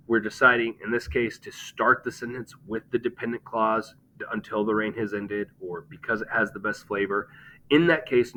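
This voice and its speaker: A man's voice: medium pitch, bright, forceful tone, a little hiss or hum, rough recording. A man teaching a grammar lesson, explaining step by step and checking in with "okay?".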